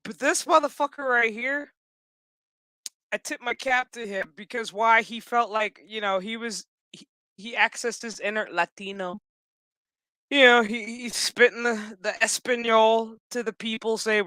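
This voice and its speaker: This is a man with a high, bright, forceful voice, recorded dry and close with no room sound. He recaps a TV episode in a loose, profane rant. His asides are blunt, sarcastic and exasperated. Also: fairly even intonation, measured pace, smooth, no echo. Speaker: show recap YouTuber.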